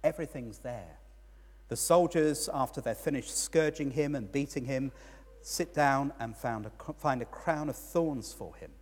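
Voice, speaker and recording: A man's voice: medium pitch, a little slow, darkish tone. A man giving a sermon as a priest, telling a story with rising and falling emphasis. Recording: long church reverb.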